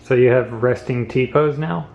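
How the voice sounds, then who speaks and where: A man's voice: mid-range voice, measured pace, gravelly, a little mellow, slight background noise. A man chatting off camera in a casual, teasing way while he films. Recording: roomy, dull, from behind the camera.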